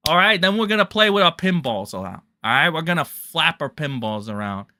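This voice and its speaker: A man putting on an exaggerated impression of a scheming male internet personality, gushing and over-excited. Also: fairly high pitch, brisk, no echo, clean studio sound, heavily acted. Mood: giddy scheming.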